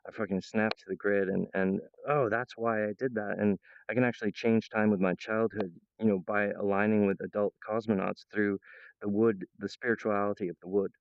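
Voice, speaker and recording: A man rambling to his viewers, jumping between topics and laughing mid-sentence, now and then mimicking others in a high voice. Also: little pitch movement, fairly quick, clean tone, no room sound, lo-fi sound. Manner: acts out other people's voices in a high pitch.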